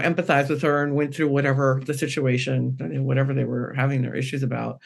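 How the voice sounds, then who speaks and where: A middle-aged woman, a guest medium, telling personal stories on a podcast in a lively way and acting out the dialogue. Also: very deep voice, creaky. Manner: animated, acts out the dialogue in her stories.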